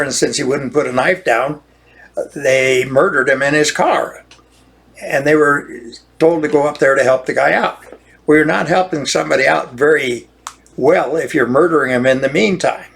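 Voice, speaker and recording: A man's voice: fairly high pitch, vocal fry, fairly bright tone. An older man, a retired lawyer, talking in an indignant, repetitive monologue, often restarting his phrases. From United States. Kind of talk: monologue rant.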